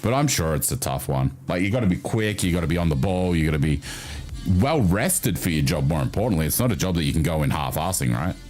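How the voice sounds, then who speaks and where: A man's voice: fast, faint music behind. A man hosting a livestream, chatting casually with his viewers and swearing freely. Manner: animated, chatty, swears freely, jumps up in pitch. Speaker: livestream host. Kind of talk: casual chat with stream viewers.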